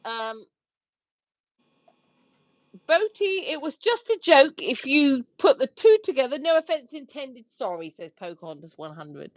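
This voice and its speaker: Lively high-voiced woman reading viewer comments. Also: unhurried, dry recording, lo-fi sound. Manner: giggly, reads viewer comments aloud. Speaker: livestream co-host. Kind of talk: casual livestream chat reading comments.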